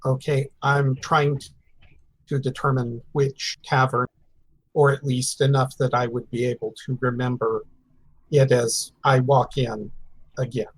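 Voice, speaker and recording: A man playing a rogue in a tabletop game, laying out his plans slowly and deliberately. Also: medium pitch, little pitch movement, poor audio. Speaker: player.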